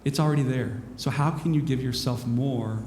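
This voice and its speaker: A man's voice: mid-range voice, normal speed, a little mellow. A man, a minister, giving a rambling, self-mocking inspirational talk to an audience in a large hall. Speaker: minister and speaker. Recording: echoey hall with faint noise.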